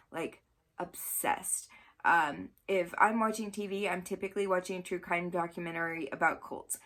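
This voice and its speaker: A woman's voice: lowish voice, a bit bright. A woman talking casually about books she loves, gushing and chatty. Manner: gushing, chatty, with fillers and self-corrections. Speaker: book vlogger. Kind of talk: casual book review talk.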